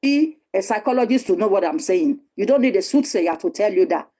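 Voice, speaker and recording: A woman's voice: medium pitch, expressive, a little fast, mellow, low-quality recording. A woman, firmly arguing her point as a participant in an online panel debate. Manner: firm, argumentative.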